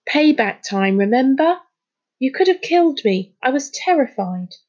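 A woman reading a storybook, voicing a bold, impatient young boy in a husky voice. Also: high voice, big pitch swings, normal speed, a little mellow, dull audio, voice pushed up. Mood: urgent. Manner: urgent, insistent.

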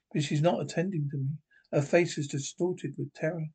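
A man reads a gothic short story aloud, telling it in the first person with dramatic flair. His voice sits a little high for a man and carries a husky, breathy grain. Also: steady tone, moderate pace, darkish tone. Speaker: reader.

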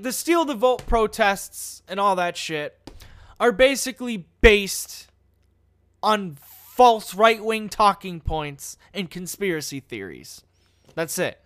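A young man with a high-pitched voice gives casual political commentary. He is blunt and mocking and swears freely, breaking off from the news he reads to jeer at it. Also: fairly bright tone.

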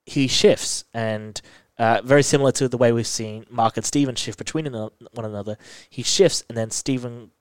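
Animated man recapping a show. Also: mid-range voice, normal speed, hardly any pauses, clean tone, no room sound. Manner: animated, detailed retelling. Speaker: podcast co-host. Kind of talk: casual chat recapping a TV episode.

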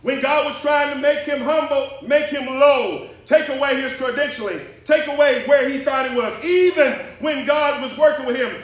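A man preaching a sermon as pastor, with rhythmic call-and-response phrasing that rises to shouts, in a church sanctuary. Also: extremely high pitch, moderate pace, few pauses. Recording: echoey church hall, mic at a distance. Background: congregation responding.

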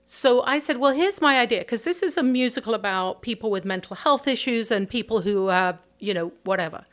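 Her voice is fairly high and fairly bright, brisk and expressive, with a British accent. In a casual interview, this theater company director spins a chatty story, performing the emails and dialogue she describes.

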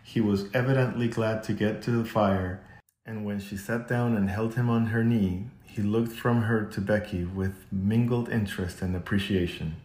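A man narrating a children's classic as an audiobook in a steady, measured way. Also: lowish voice. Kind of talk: scripted narration. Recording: echoey room.

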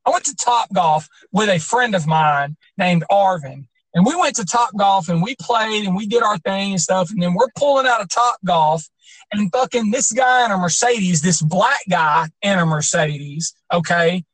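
A man's voice: sits high, normal speed, a bit bright, no echo, rough recording. A man co-hosting a podcast, telling stories in rambling, profane casual chat with lots of fillers. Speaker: podcast co-host.

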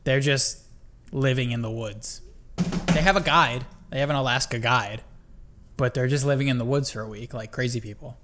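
A young woman with a notably low voice co-hosts a casual podcast chat. She is blunt and jokey, swearing freely as she riffs. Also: moderate pace, fairly bright tone, slight background noise. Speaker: podcast co-host.

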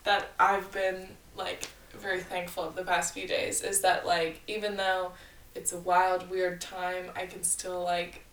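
A woman's voice: lowish voice, completely flat delivery, measured pace, a bit bright, recorded from a distance. A young woman talking casually, chatty and laughing often, with lots of fillers. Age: young adult. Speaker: co-host. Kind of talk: casual chat. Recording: roomy sound, faint background noise, a little off the mic.

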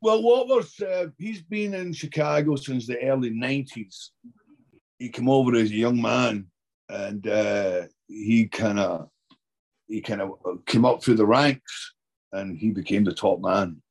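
A man's voice: mid-range voice, a little slow, gravelly, a little mellow. A Scottish man chatting as an actor guest in an interview, rambling and often restarting his sentences. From Scotland. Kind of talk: casual interview chat.

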